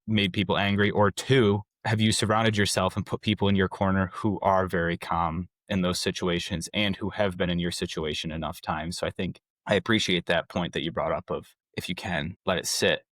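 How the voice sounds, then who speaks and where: A man hosting a casual interview podcast, telling stories with lively acted-out dialogue. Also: deep voice, normal speed, hardly any pauses, dry recording, studio quality. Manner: animated storyteller who acts out quoted dialogue. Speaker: podcast host.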